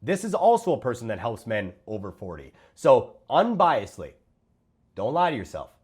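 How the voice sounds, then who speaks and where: A man's voice: mid-range voice, wildly swooping pitch, normal speed, darkish tone, breathy edge. A man giving blunt, profane reaction commentary on other creators' fitness videos. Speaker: host reviewing fitness coaches' videos.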